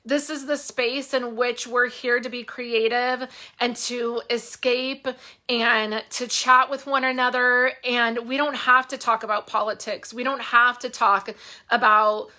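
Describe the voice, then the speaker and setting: A woman hosting a craft live stream from home on a phone, talking candidly and warmly with viewers, with plenty of fillers. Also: on the high side, steady tone, a little slow. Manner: candid, heartfelt, rambling with fillers. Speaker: craft channel host. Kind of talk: casual live-stream chat.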